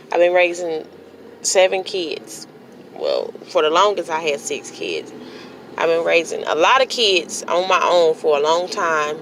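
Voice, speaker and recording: Gravelly-voiced woman giving herself a pep talk. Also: lowish voice, noisy background. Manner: blunt, self-motivating, working herself up. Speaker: vlogger. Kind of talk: casual vlog monologue.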